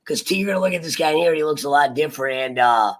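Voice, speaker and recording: A man chatting excitedly on a livestream, swearing and jumping between topics. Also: on the high side, very fast. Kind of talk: casual livestream chat.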